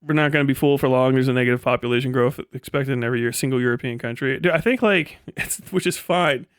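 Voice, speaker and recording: A man's voice: medium pitch, fast, smooth, no room sound, clean studio sound. A man chatting casually on a livestream, laid-back, swearing often and laughing between remarks. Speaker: streamer.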